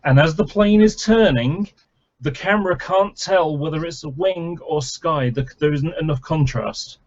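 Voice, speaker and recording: Slightly high-voiced man explaining plainly. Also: normal speed, darkish tone, dull audio. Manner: matter-of-fact, explaining. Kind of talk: casual group voice chat.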